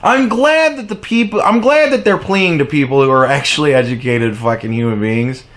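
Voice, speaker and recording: Sarcastic, profane man ranting high. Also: fairly quick. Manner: heavy profanity, sarcastic and mocking; exasperated, shifts between shouting highs and low mutters. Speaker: commentary vlogger. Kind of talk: angry political rant.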